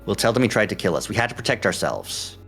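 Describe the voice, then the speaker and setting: A man reading the lines of a shaken young man comforting a friend, slow and hushed. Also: on the low side, big pitch swings, vocal fry, faint music behind, full character voice.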